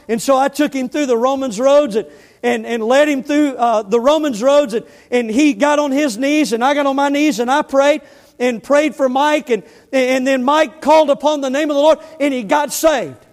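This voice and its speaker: A man preaching from the pulpit, his voice pitched strikingly high for a man. He tells stories in a relaxed way and drops to quiet, weighty words to make his points. Long reverb from the church sanctuary trails after each phrase. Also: moderate pace. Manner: storytelling preacher, drops to hushed emphasis. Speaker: pastor. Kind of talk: sermon.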